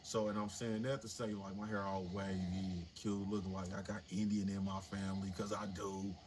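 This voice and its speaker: A man's voice: low-pitched, flat delivery, normal speed, a little mellow. A man in his forties telling a story casually and animatedly on a livestream, swearing freely. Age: 40s. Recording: noisy livestream audio.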